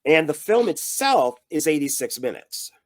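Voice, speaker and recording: Guy on a movie podcast, quick factual answers, bouncy kinda high voice. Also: big pitch swings. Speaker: co-host reviewing films. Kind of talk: casual chat review.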